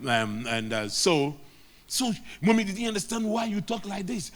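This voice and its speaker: A man's voice: high-pitched, lively intonation, a little slow, a bit bright. A middle-aged man with a Ghanaian English accent preaching a sermon, emphatic and repeating key lines. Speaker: pastor.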